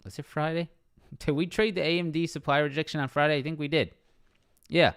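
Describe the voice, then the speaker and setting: A man's voice: a little high, steady tone, a little fast, a bit bright, smooth. A young man streaming live market analysis, talking casually, repeating price levels and asking "right?" often. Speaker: stock trading live streamer. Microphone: streaming microphone.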